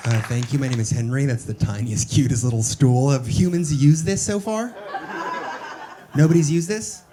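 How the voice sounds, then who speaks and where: A young man working a comedy club stage, his delivery crude and deadpan with mock exasperation. His mid-pitched voice comes through a handheld mic. A steady wash of noise sits under the live recording. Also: normal speed, over a noisy crowd. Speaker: stand-up comedian. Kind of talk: stand-up comedy set. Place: comedy club stage before a laughing audience.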